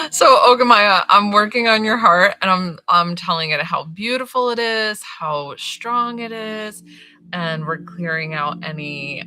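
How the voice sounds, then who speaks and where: Woman healer, live-stream session, bright forceful voice, rambling and reassuring. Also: lowish voice. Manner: chatty and rambling, many fillers; reassuring, affirming. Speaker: spiritual healer. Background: faint music.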